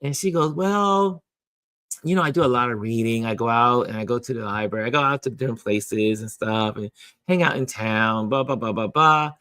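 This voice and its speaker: A man's voice: medium pitch, brisk, sharp tone, no echo. A man hosting a community game night, casually telling a story and acting out both sides of a conversation. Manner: chatty, with many restarts and repeated "I said".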